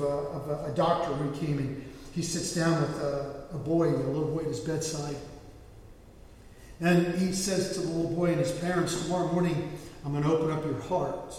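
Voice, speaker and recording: A male pastor preaching earnestly, telling a story and often restarting his words. His voice sits high for a man and rings through a large echoey hall from a distance. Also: fairly even intonation, moderate pace, a little mellow, a little hiss or hum. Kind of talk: sermon.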